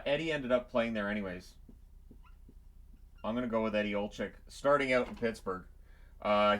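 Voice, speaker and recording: A man's voice: on the low side, a bit bright. Rambling man chatting about hockey at home. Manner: rambling, self-interrupting, joking asides. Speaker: hockey channel host. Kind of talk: casual solo commentary. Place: home, washer running nearby.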